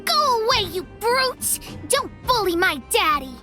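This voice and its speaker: A woman's voice: extremely high pitch, very animated, unhurried, sharp tone, soft background music, exaggerated voice. A woman voicing a brave, boastful little girl in a game, with childish bravado. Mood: defiant. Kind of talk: game voice acting.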